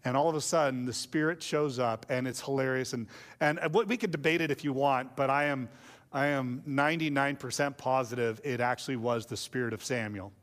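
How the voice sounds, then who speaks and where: A man's voice: mid-range voice, a little fast, a bit bright, big-room sound. A male pastor preaching a sermon in a casual, joking storytelling way.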